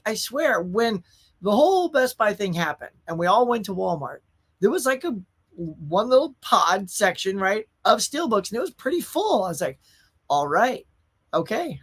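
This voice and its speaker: A man hosts a relaxed live stream from his own room at home. He talks in an easygoing, chatty way and calls out viewers by name. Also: high-pitched. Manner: laid-back, chatty, greets viewers by name. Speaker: host of a pop culture live show. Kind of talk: casual livestream chat.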